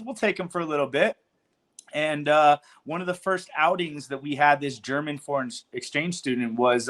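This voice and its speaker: A relaxed man in his forties, from California, spins long stories as a podcast guest. He talks loosely in slang, swears casually and fills pauses with ums, at an ordinary mid pitch. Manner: laid-back, slangy, swears freely, many ums. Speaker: podcast guest, cannabis business founder. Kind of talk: casual storytelling interview.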